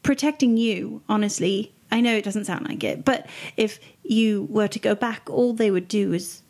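A woman playing her character in a tabletop game, speaking gently and hesitantly with many fillers. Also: medium pitch, normal speed. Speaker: player. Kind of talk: in-character tabletop role-play.

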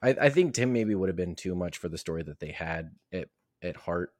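A man co-hosts a casual podcast conversation in a laid-back, joking manner. His voice is very low. The sound is dry and close. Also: lively intonation, a little fast, darkish tone, no echo. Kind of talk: casual chat.

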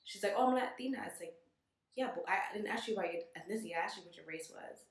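A woman hosting a casual podcast conversation, talking in an animated way and acting out quoted exchanges. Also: lowish voice, very fast, echoey room. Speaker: podcast host.

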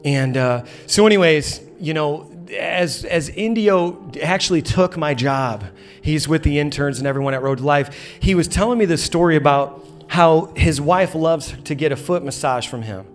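A man's voice: fairly high pitch, normal speed, faint music behind. A man in his thirties preaching a sermon in a church auditorium, telling a funny story with lots of energy and playful acted quotes. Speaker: pastor.

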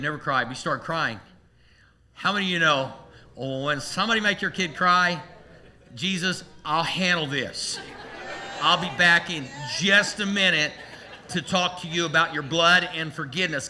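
Male pastor, very bright and slightly high voice, lively joking sermon delivery. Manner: animated, humorous storytelling to a congregation.

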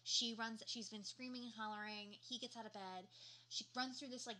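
A young woman co-hosts a casual podcast, her voice bright and slightly high. She tells stories animatedly, swearing often and slipping into quoted voices. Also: steady tone, normal speed, slight background noise. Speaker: podcast co-host. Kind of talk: casual chat.

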